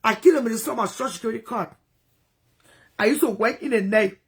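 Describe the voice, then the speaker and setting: A woman with a Liberian English accent tells a personal story in an animated way, dropping to hushed asides and rising to loud outbursts. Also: on the high side, fairly quick, slightly rough. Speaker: vlogger. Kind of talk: emotional storytelling monologue.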